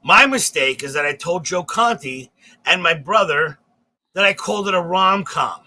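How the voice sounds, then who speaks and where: A husky, raspy-toned man with a fairly high pitch and a very bright, forceful edge. He co-hosts a comedy podcast in loose, profane banter. He rambles and circles back on his own sentences. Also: animated, moderate pace. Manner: rambling, repeats himself, profane. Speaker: podcast co-host.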